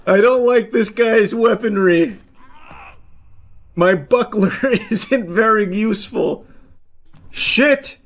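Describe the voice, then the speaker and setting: A man giving let's-play commentary, yelling and swearing at the game, with dry low asides between outbursts. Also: slow, pauses often. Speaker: gaming video host.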